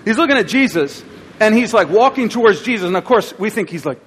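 A pastor giving a sermon, telling a story and acting out its scenes with voices and asides to the crowd. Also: male voice, high-pitched, animated, quick pace, fairly bright tone, slightly rough. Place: church auditorium. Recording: live church recording with long hall reverb.

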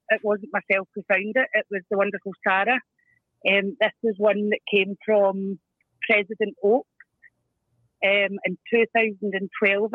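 A woman's voice: mid-range voice, dry recording. Woman explaining over a phone line. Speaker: caller and guest. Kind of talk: call-in talk.

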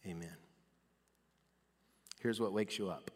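A male pastor giving a conversational sermon, his voice moving between quiet, soft passages and louder, lifted ones. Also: mid-range voice, moderate pace, in a large hall.

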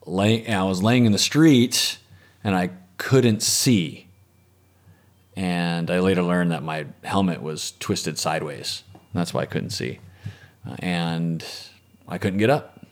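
A man telling a personal story in an interview, calm and reflective, often letting his voice trail off softly. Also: low voice. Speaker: interviewee, former medic and lifeguard.

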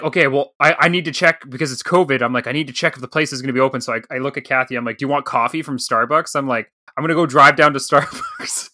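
A man's voice: on the high side, no room sound, clean studio sound. A man in his thirties, a podcast co-host, telling a casual story and acting out the dialogue. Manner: animated storyteller, acts out quoted dialogue.

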